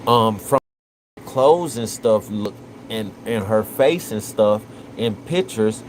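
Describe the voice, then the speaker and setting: A man's voice: fairly low pitch, animated, slow, slight background noise, low-quality recording. A man, live-streaming emotional commentary and talking earnestly and repetitively to his chat.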